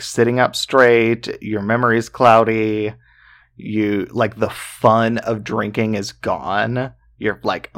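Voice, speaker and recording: A man's voice: fairly low pitch, a bit bright. A man co-hosting a podcast, telling a true-crime story in a loose, chatty way full of fillers and swearing. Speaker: podcast co-host.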